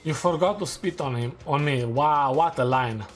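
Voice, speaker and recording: A man's voice: mid-range voice, normal speed, faint music behind. A man streaming a game, chatting casually and laughing at his own takes; English is not his first language. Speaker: gaming streamer. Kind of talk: casual gameplay commentary.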